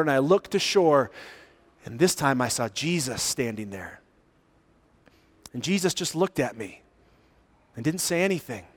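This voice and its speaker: High-voiced pastor preaching in a reverberant hall. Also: male voice. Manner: animated storytelling, drops to hushed tones for emphasis. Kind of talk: sermon. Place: church sanctuary.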